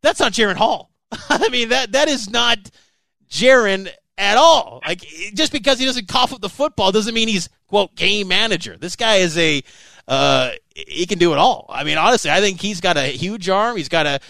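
A man's voice: normal speed, gravelly, dry recording. A man co-hosting a sports podcast, talking casually and emphatically about a college football game. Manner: animated, emphatic, pitch jumping up on key points. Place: on location, flew in for the game.

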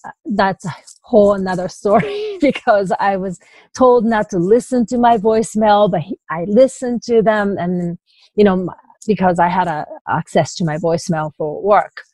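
Woman retelling a story in halting bursts. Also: mid-range voice, a little mellow, dry recording, rough recording. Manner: halting retelling with frequent restarts, "you know" and light laughs. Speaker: interview guest. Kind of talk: personal story in a conversational interview.

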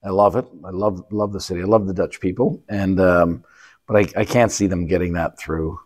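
A man's voice: low voice, steady tone, moderate pace, a little mellow. A man from Canada co-hosting a travel podcast, talking casually and rambling about his recent trips. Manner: rambling, restarts often, travel anecdotes. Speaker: podcast co-host. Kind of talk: casual chat.

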